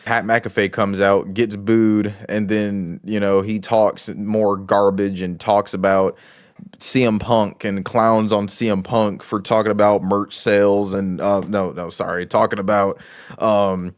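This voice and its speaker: A man's voice: on the low side, normal speed, no echo, clean studio sound. A man giving casual commentary as a wrestling show reviewer, rambling with many restarts and fillers.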